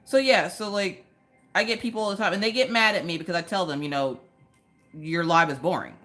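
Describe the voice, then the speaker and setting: Low-voiced woman ranting on a crafting livestream. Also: brisk, faint music behind. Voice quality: ranting, animated, with sudden high exclamations. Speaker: livestream host. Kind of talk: casual chat while crafting. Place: home.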